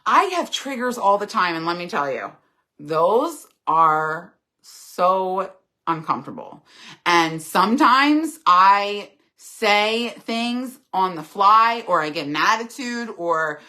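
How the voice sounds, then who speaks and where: A woman's voice: mid-range voice, expressive, slow, sharp tone. A middle-aged woman hosting a casual live chat, reading viewers' comments aloud and answering them earnestly and candidly.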